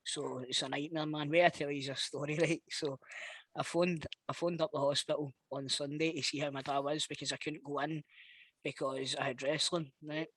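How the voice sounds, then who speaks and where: A man's voice: a little high, moderate pace, breathy edge. A Scottish man co-hosting a podcast, telling anecdotes in casual, sweary chat. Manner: animated anecdote teller, sweary. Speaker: podcast co-host.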